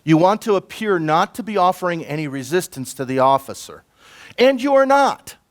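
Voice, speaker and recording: A middle-aged man giving a self-defense presentation at a conference, lecturing in a lively, conversational way with asides to the audience. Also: sits high, moderate pace. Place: conference room.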